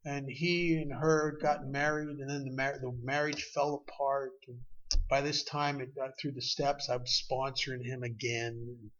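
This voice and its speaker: A man, speaking at a recovery meeting and telling a personal story with emotion, his voice swinging from loud to hushed. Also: mid-range voice, flat delivery, unhurried, highs cut off. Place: meeting room.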